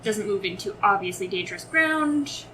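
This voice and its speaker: A woman's voice: medium pitch, lively intonation, moderate pace, sharp tone, a little hiss or hum. A woman playing a tabletop game who reads out rules hesitantly. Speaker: player. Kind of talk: casual tabletop game play.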